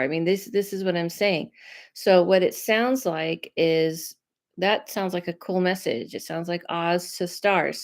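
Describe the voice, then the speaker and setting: A woman hosting a live stream as a psychic medium, talking casually and reassuringly and drifting off on tangents. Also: on the low side. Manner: rambling and chatty, drifting off on tangents; reassuring and conversational, often checking in with listeners. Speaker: psychic medium livestream host. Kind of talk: casual live-stream chat giving readings.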